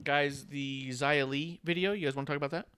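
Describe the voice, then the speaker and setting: A man hosting a casual wrestling podcast, animated and swearing freely, often mocking himself. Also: fairly high pitch, a little fast, slight background noise. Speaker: podcast host.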